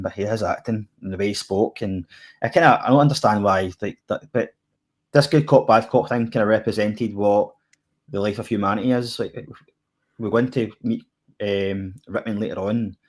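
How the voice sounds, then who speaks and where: A Scottish man with a somewhat low voice talks through a TV episode in casual chat. He rambles, circling back and leaning on fillers as he goes. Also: fairly even intonation, fairly quick. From Scotland. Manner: rambling, filler-heavy, lots of "kinda" and "like". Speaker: podcast co-host reviewing TV.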